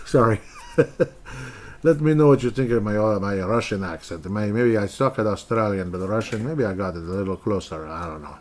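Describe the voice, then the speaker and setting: A man's voice: fairly low pitch, moderate pace, a little mellow. A man hosting a casual solo sports podcast, rambling with frequent laughs and bursts of mock outrage. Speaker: podcast host.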